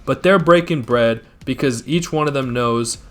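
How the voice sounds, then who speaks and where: A man's voice: mid-range voice, moderate pace, natural voice. A man voicing a scheming male gang boss who swears hard while rallying rival crews. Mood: rousing. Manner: profane, persuasive speechmaking.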